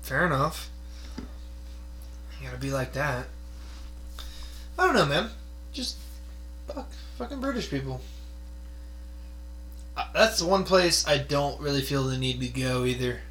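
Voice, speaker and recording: Crude joking young man, bright voice. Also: mid-range voice, expressive, unhurried, pauses often. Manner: crude, joking, swears a lot. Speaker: podcast co-host. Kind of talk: casual chat.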